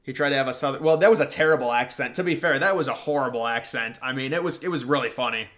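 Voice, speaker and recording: With a medium pitch and a fairly bright tone, a young livestream host talks fast. He goes through chat messages and answers them in a relaxed, slangy manner during a casual political stream, frequently trailing off.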